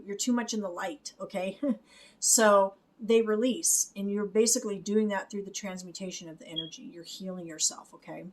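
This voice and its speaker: A woman, a spiritual reader, talking through a music video and explaining it, often checking in with "okay?" and laughing lightly. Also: medium pitch. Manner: explains softly, adds "okay?" and small laughs. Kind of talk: reaction commentary.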